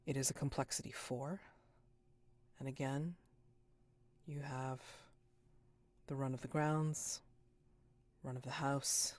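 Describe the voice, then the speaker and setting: A woman narrating as game master of a tabletop role-playing game, deliberate and dropping to a hush for suspense. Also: a bass voice, flat delivery.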